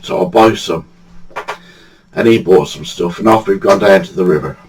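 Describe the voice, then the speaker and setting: Husky older man telling stories. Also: deep voice, normal speed, a little mellow, rough recording. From England, Badsey. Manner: chatty, laughs at his own stories. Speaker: storyteller. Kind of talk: casual anecdote telling.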